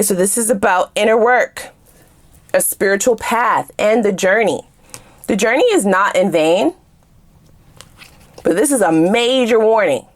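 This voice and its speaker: Brief: woman tarot reader, casual and sassy, animated, talks straight to her viewers, swears freely. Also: medium pitch.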